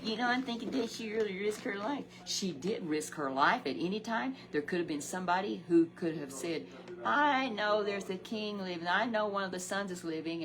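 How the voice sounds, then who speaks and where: A woman's voice: lowish voice, poor audio. A woman telling a Sunday Bible story to a companion, talking in a homely way that repeats and stumbles over words. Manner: repetitive, stumbling, homely exclamations.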